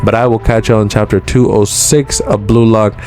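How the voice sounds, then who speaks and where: Low, flat-voiced young man reviewing a manga. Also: moderate pace, soft background music. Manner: loose, slangy, with swearing and frequent "he's like". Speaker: host. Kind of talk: casual manga chapter review.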